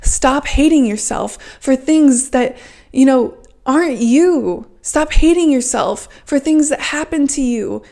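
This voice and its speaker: A woman's voice: sits high, slow pace, creaky, mellow. A woman in her early twenties giving a fervent, emotional self-help monologue as a podcast host, often saying "like" and swearing freely. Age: 20s.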